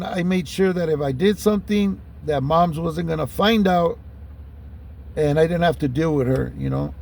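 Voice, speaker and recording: A man's voice: on the high side, gravelly, a little mellow, a little hiss or hum. A middle-aged man, telling a personal story in a laid-back, casual way, dropping "man" and "you know" and chuckling often.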